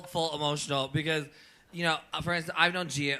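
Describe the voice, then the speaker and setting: A man's voice: on the high side, fairly even intonation, brisk, pushed and bright. A man from Canada, a drag performer on a viewing-party panel, talking in an emotional, casual way with frequent swearing and repetition. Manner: emotional, swears often, repeats himself. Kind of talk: casual chat.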